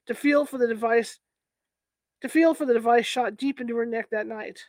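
A woman reading a novel aloud to listeners in a steady, even storytelling voice. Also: a little high, normal speed, no echo. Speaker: reader. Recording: dry close recording.

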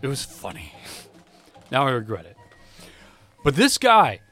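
A man co-hosting a podcast, telling stories in a casual, animated, profane way. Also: medium pitch, unhurried, soft background music. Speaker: podcast co-host. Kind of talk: casual chat.

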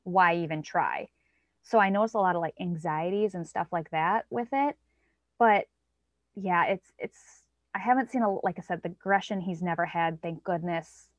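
With a lowish voice at normal speed, this woman in her thirties talks chattily about her child as a parent guest, often acting out quotes in a lifted tone. There's no room sound, and the recording comes across dry and somewhat dull.

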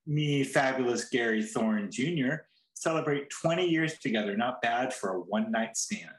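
A man in casual podcast chat who rambles, restarts his thoughts and swears freely. His mid-pitched voice rings out in a roomy, echoey space. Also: animated, moderate pace. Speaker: podcast co-host.

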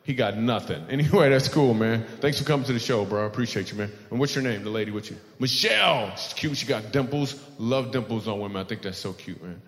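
A man's voice: on the low side, animated, fast, hardly any pauses. A male stand-up comedian doing teasing crowd work on stage, laughing often at his own jokes. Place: live comedy venue. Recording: long hall reverb.

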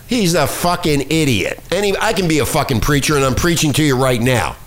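A man's voice: on the high side, fairly quick, a little hiss or hum. A man hosting a talk show, ranting and swearing as he reads news stories aloud, often stumbling over words and names. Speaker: show host. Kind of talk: profane talk-radio rant reading news aloud.

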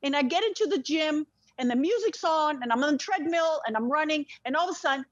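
An intense woman with a high voice speaks frankly, often swearing and restarting her words. The recording is dry and slightly dull, with no room sound. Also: expressive, quick pace, no echo. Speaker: podcast guest. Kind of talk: emotional personal storytelling.

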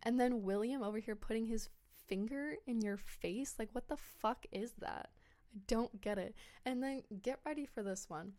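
A woman's voice: a little high, moderate pace, a little mellow. A woman hosting a podcast in casual chat, gossipy and incredulous, with many fillers and short laughs. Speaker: podcast host.

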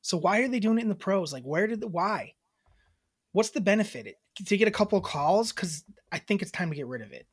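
A woman's voice: mid-range voice, expressive, a little fast, breathy edge. A woman in her thirties co-hosting a podcast, chatting bluntly and casually with lots of swearing and filler words. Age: 30s. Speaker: podcast co-host. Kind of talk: casual chat.

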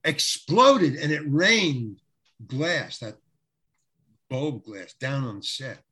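A middle-aged man with a slightly rough, mid-range voice tells a long anecdote slowly and casually. As a guest storyteller he's animated, laughing often and acting out what people said.

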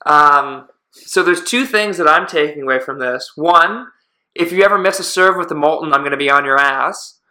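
A man's voice: fairly high pitch, normal speed, sharp tone. A man hosting a podcast, chatting and teasing his guest in a joking way. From Canada. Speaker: podcast host. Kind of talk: casual podcast chat.

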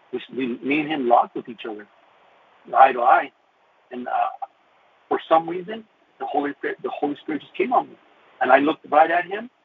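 A man with a gravelly, creaky voice recounts his faith testimony in an earnest, halting way, restarting phrases often. The sound is thin and phone-like, as on a radio call-in line, with a faint hiss underneath. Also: mid-range voice. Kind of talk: personal testimony storytelling. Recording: tinny phone-like radio recording with faint noise.

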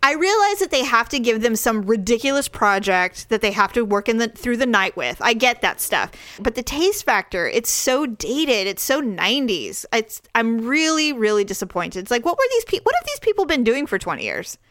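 A woman co-hosting a casual chat about a TV show, animated and outspoken, swearing and acting out quotes. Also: fairly high pitch, moderate pace, few pauses, no echo.

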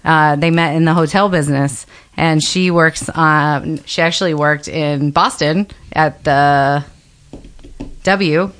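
A woman's voice: deep voice, fairly even intonation, slow, fairly bright tone. A woman telling a road-trip story in casual chat, full of fillers and asides. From Florida. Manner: chatty storyteller, lots of fillers.

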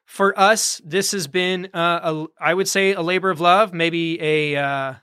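A man co-hosting a podcast in casual chat, relaxed and rambling with plenty of fillers. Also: sits high, unhurried, clean tone, no room sound, studio quality. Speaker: podcast co-host.

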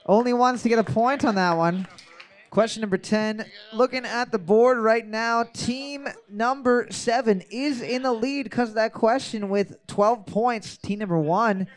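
A man runs a bar trivia night on a handheld mic, calling out questions and answers. His voice sits high for a man, and he jokes, laughs a lot and swears offhandedly. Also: a little slow. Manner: joking, laughs often, swears casually. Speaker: music trivia host. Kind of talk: casual bar quiz hosting.

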